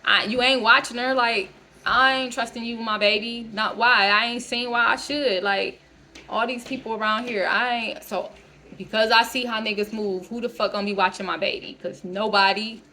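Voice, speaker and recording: A woman's voice: a little high, steady tone, moderate pace, sharp tone, slight background noise. A woman in her thirties ranting bluntly to camera in a vlog, heated and full of profanity. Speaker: vlogger. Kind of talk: casual rant to camera.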